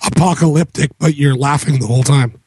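A man's voice: on the high side, fairly quick, a little mellow, husky, no echo. A man in casual podcast chat, wry and joking.

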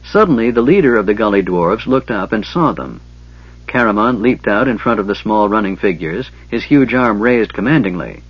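Husky low-voiced male narrator. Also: normal speed, dry recording. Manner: steady, even storytelling. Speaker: audiobook narrator. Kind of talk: scripted narration. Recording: dull lo-fi recording.

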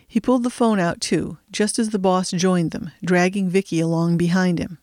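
A woman narrating a story in an even, measured audiobook style. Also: fairly low pitch, no room sound. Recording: dry close recording.

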